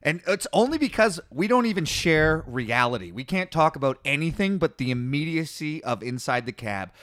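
A man's voice: on the high side, expressive, moderate pace, fairly bright tone, no room sound. Profane rambling male comedian, dry mic. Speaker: comedian and podcast host. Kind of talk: casual podcast chat.

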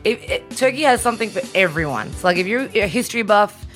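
A woman's voice: mid-range voice, expressive, fast talker, soft background music. A woman in her thirties, from Australia, a guest in a casual interview who chats freely and laughs easily. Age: 30s.

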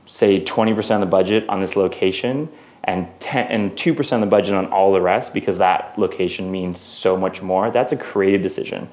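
This man in his twenties has a low, slightly fast, somewhat mellow voice. A filmmaker appearing as an interview guest, he talks casually and rambles, swearing now and then and acting out quotes.

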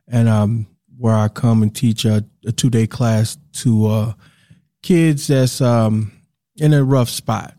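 A man's voice: medium pitch, dark tone, dry recording, studio quality. A man who teaches podcasting, speaking reflectively in casual talk with many fillers. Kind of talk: casual chat.

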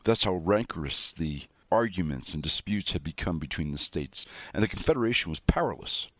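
A man's voice: sits low, lively intonation, fairly quick, fairly bright tone, no echo. A man hosting a political talk show, telling folksy stories in the manner of a country rancher. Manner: folksy storytelling, self-styled country rancher.

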